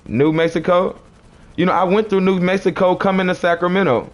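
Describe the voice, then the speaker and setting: Higher-voiced man preaching at live chat. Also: fairly even intonation, fairly quick. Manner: confrontational, repeats phrases, preachy. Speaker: livestreamer. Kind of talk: arguing with live chat commenters.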